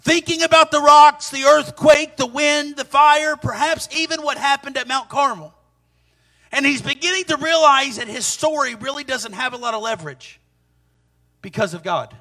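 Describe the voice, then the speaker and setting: A man preaching a sermon in an animated, sing-song way, with sudden loud peaks. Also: extremely high pitch, moderate pace.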